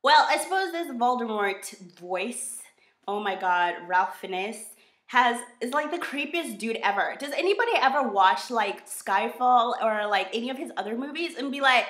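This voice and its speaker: A woman's voice: on the high side, moderate pace. Chatty American woman book vlogger. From United States. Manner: chatty, bubbly and expressive. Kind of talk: casual vlog chat. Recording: roomy echo.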